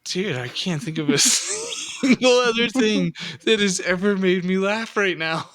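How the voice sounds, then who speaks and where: Middle-aged male co-host, bright forceful tone, rambling, self-deprecating. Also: high-pitched, lively intonation, a little slow. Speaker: podcast co-host. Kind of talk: casual chat.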